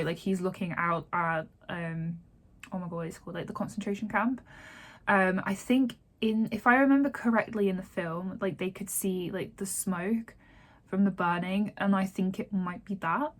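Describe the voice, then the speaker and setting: A woman from Yorkshire, giving a chatty book-reading update full of "like" and open feeling. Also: medium pitch. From Yorkshire, England. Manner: chatty, heavy use of "like", openly emotional about the book. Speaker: book vlogger and author.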